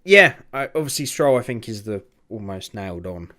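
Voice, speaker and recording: Male podcast co-host, lowish voice, casual and hesitant delivery. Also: very animated, moderate pace, bright, forceful tone. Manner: hesitant, lots of ums and restarts. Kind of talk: casual sports chat.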